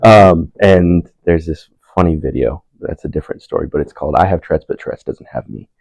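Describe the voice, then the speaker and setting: Deep-voiced young man telling a story. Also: a little fast, gravelly, dry recording, dull audio. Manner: relaxed, laughing, animated when quoting others. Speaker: panel speaker. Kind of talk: casual storytelling in a discussion.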